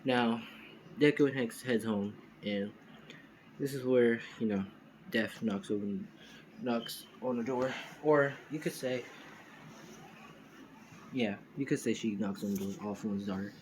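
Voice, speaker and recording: Ein Mann, der frei und weitschweifig eine Fan-Geschichte erzählt, mit vielen Füllwörtern, über ein einfaches Aufnahmemikrofon. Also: male voice, medium pitch, a little slow, pauses often, a little hiss or hum, low-quality recording. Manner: rambling, filler-heavy. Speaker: storyteller. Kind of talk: improvised fan story narration. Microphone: screen recorder microphone.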